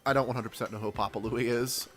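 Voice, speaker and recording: A man's voice: mid-range voice, steady tone, fast, soft background music. A man streaming a game in casual chat, sick with a cold, rambling and joking at himself. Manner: rambling, joking, self-deprecating.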